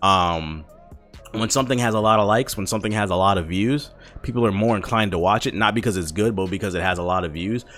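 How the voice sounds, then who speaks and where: A grown man ranting loudly and profanely, scolding his audience with emphatic repetition. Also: on the low side, fast, soft background music. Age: adult. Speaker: vlogger. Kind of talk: profane comedic rant.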